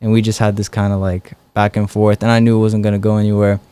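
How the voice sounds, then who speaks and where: A man's voice: lowish voice, completely flat delivery, quick pace, warm tone, clear, resonant tone. A young man, a street evangelist, telling stories in a casual interview, full of fillers and acted-out dialogue. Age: young adult. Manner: rambling, many fillers and quoted dialogue.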